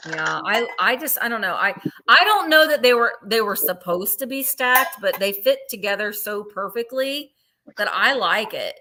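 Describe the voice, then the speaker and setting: A woman running a live vintage sale, chatting warmly about each item and counting down bids. Her voice sits a little high and rings bright and forward. She gushes readily and talks in loose, rambling sentences. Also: animated, moderate pace. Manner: chatty, gushing over items, counts down bids. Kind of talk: live online sales chat.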